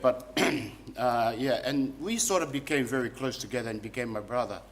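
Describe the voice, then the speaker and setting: A man's voice: medium pitch, moderate pace, slight background noise. A man, a funeral celebrant, telling a folksy, rambling eulogy at a funeral service.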